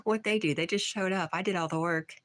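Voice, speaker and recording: A woman's voice: fairly low pitch, brisk, a bit bright. A middle-aged woman hosting a casual livestream from her porch, reading chat comments aloud, teasing and laughing often.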